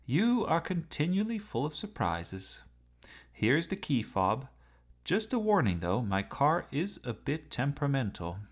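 A man voicing a suave, fashionable middle-aged male scholar with a smooth, genial manner. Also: mid-range voice, wildly swooping pitch, a little slow, voice pushed up.

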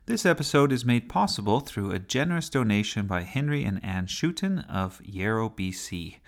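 Guy reading a kids' story, kinda low voice, slow and singsongy. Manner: gentle, unhurried reading with lively intonation. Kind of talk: children's story narration.

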